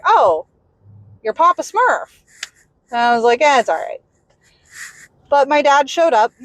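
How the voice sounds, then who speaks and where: A young woman with a Southern US accent telling a personal story in a candid, exasperated, animated way. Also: a little high, no echo, rough recording. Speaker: vlogger. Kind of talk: casual storytelling. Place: in a vehicle.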